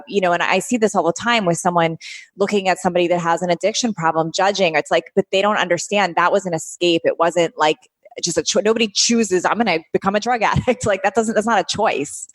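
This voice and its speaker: A woman with a slightly low voice hosts a podcast in a casual, encouraging way. She stresses her points firmly and laughs easily as she talks. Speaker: podcast host. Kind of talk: casual interview chat.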